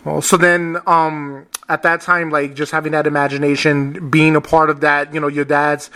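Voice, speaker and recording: A man hosting a casual interview, eager and chuckling often, with many halting restarts as he asks questions. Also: on the high side, flat delivery, bright, forceful tone, clear, resonant tone. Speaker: podcast host.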